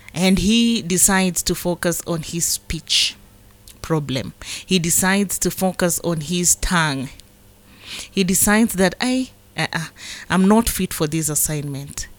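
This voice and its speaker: A woman hosting a radio devotion hour, reading scripture and preaching earnestly to listeners. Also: on the low side. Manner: earnest, preacherly, with rhetorical "yeah?" check-ins.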